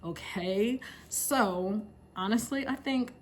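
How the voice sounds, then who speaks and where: A woman's voice: medium pitch, takes it slowly, slight background noise. A young woman casually retelling a Bible story in a slangy, chatty way, laughing often. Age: young adult. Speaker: Bible study vlogger. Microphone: camera mic.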